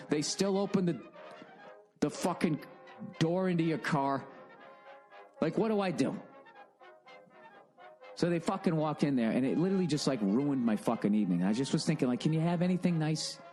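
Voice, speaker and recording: A man's voice: fairly high pitch, darkish tone. A man in his forties telling a story in a casual monologue, ranting and swearing in exasperation. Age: 40s. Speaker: podcast host.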